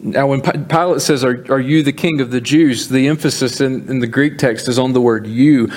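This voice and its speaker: A pastor preaching a sermon, earnest, slowing down to stress key points and acting out the dialogue of scripture. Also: male voice, mid-range voice, darkish tone. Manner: earnest preaching, slows for emphasis, acts out dialogue.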